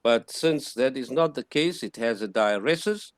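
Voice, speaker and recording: A man teaching a classroom lesson, sounding out words slowly syllable by syllable and repeating them. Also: medium pitch, lively intonation, no room sound, clean studio sound.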